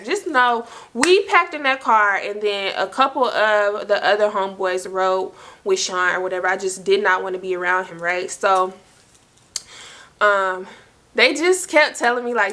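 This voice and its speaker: A woman's voice: medium pitch, moderate pace. A young woman telling a personal story to her viewers, casual and slangy, full of "like" and "y'all". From South Carolina. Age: young adult. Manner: slangy, animated, fillers of "like" and "y'all". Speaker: storytime vlogger.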